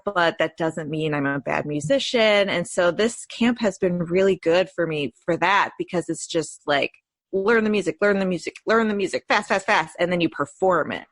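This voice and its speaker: A woman's voice: lowish voice, no echo. A woman co-hosting a podcast, talking candidly in casual chat. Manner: candid, chatty, laughs easily. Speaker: podcast co-host.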